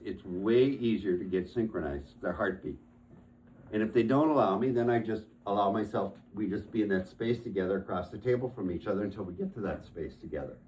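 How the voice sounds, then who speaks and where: A man's voice: on the low side, darkish tone, slight background noise. A man who works as a therapist, telling stories from his practice in an earnest conversational way and often restarting his phrases.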